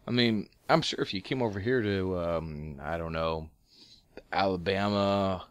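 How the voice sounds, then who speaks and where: A man's voice: low voice, unhurried, clear, resonant tone, no echo. A man co-hosting a podcast in laid-back casual chat, drawling loosely and trailing off mid-thought. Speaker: podcast co-host.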